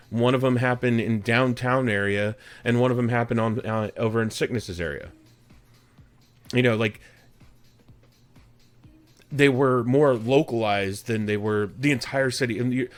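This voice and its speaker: Chatty Texan man hosting a stream. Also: mid-range voice. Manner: rambling, chatty, jokey, talks to chat by name. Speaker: live-stream host. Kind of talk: casual chat with viewers. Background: background music.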